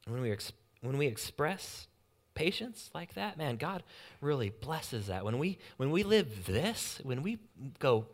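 Lively young pastor preaching. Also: male voice, on the high side, unhurried. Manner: lively, swings between loud urgency and quiet emphasis; acts out anxious inner voices with humor. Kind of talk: sermon.

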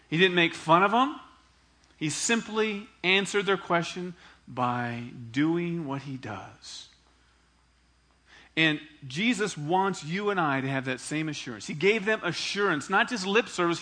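A man preaching a sermon with a bright, forward voice set a little high. He talks conversationally and asks the congregation for responses. Now and then he acts out a quoted voice, swinging his pitch and loudness. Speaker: pastor.

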